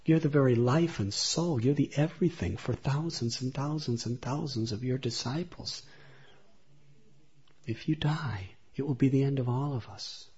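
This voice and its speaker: A man's voice: mid-range voice, normal speed, darkish tone, slightly rough. A man voicing a devoted male disciple earnestly begging his guru, in a dull lo-fi recording.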